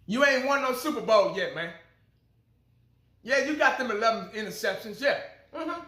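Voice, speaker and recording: A man's voice: extremely high pitch, expressive, normal speed, pushed and bright, echoey room. A man giving blunt, profane, fired-up fan commentary as a channel host.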